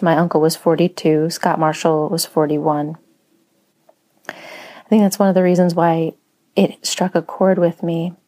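A woman speaks in a slow, unhurried personal monologue, pausing often between thoughts. Her voice is somewhat low and warm, with a mellow tone. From Spanish-speaking home. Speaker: writer and writing teacher.

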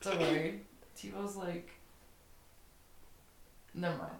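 A woman's voice: fairly low pitch, steady tone, slow pace, vocal fry. Giggly woman chatting in an echoey room. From Canada. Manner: giggly, rambling, jokey. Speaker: podcast guest. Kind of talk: casual chat.

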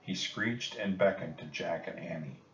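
A deep-voiced man reads a children's chapter book aloud, calm and measured at an unhurried pace. The recording sounds distant and echoey. It has a dull, muffled tone. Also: a little hiss or hum. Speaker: narrator. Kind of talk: children's storybook read-aloud.

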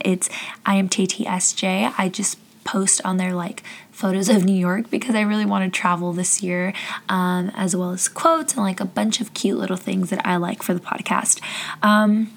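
A woman in her twenties from Southern California hosts a casual solo podcast. She is excited and chatty, says um often, and her voice is going hoarse. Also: mid-range voice. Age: 20s. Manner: chatty and excited, with frequent ums. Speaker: podcast host. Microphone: studio microphone.

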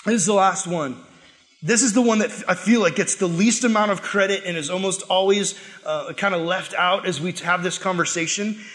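A man with a notably high voice preaches to his congregation, shifting into little acted voices for the prayers and grumbles he quotes. His delivery is animated and emphatic but stays conversational, like a pastor talking straight to his church. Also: moderate pace, big-room sound. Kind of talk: sermon.

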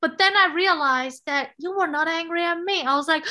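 A woman in her forties in casual conversation, an expressive and animated storyteller. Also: very high voice, a little fast. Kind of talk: casual conversation about relationships.

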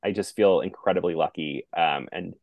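A man's voice: deep voice, normal speed, a little mellow, no echo. A man talking as a podcast guest in casual chat, chatty and hesitant, with many fillers.

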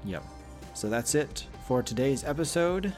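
A man co-hosting a podcast over a video call, giving dry, deadpan remarks and reading the show's sign-off. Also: mid-range voice, measured pace, soft background music. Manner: dry, deadpan humor, hesitant restarts. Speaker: podcast co-host. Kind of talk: casual chat and show sign-off.

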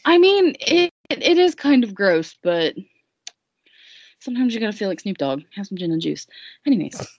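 A woman's voice: medium pitch, very animated, moderate pace, dry recording. A woman recapping a story in a casual podcast chat, rambling and jokey with lots of fillers, in a dull lo-fi recording. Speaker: guest recapping a musical.

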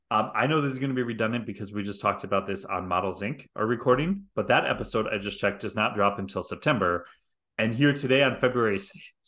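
A man's voice: lowish voice, fairly bright tone. A man from the American Midwest with a Wisconsin accent, co-hosting a podcast and joking and teasing in casual chat. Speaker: podcast co-host.

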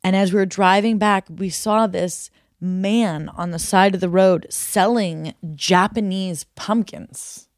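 A woman's voice: medium pitch, fairly even intonation, slow pace, no echo, studio quality. A woman co-hosting a podcast in casual chat, telling stories and laughing often. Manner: chatty, storytelling, laughs often. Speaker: podcast co-host.

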